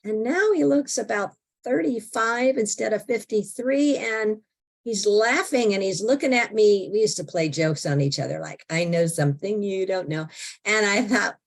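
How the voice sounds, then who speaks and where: An older woman, an interview guest, telling a personal story in an animated, expressive way and acting out her own thoughts. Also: medium pitch, normal speed, creaky.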